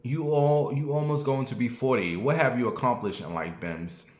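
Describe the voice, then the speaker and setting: A man's voice: medium pitch, moderate pace. A man in his forties talking bluntly and profanely to his viewers in a casual, preachy rant. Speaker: vlogger. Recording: echoey room.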